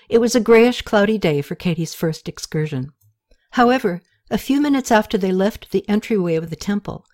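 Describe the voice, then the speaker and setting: A woman narrating an audiobook in a steady, measured storytelling voice. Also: lowish voice. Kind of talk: scripted narration.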